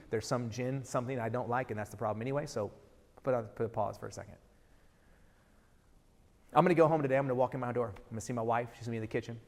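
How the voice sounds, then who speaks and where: A middle-aged man giving a motivational keynote speech, energetic and throwing rhetorical questions at the audience. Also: on the low side. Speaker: keynote speaker. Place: large event hall. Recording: hall reverb from a live event.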